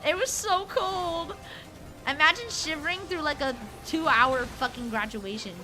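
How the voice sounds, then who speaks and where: A woman's voice: high voice, unhurried, over music, low-quality recording. A young woman from the Upper East Coast of the United States chatting casually and animatedly while live streaming a game, swearing freely. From Upper East Coast of the USA.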